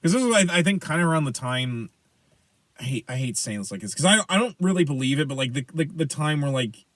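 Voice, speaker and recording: A man in his late twenties co-hosts a podcast in casual, rambling chat. His pitch sits a bit above average and swings about a lot as he talks, tripping over restarts and swearing freely. The sound is dry and close. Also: fast, no echo. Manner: animated, rambling, profane, stammers and restarts. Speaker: podcast co-host.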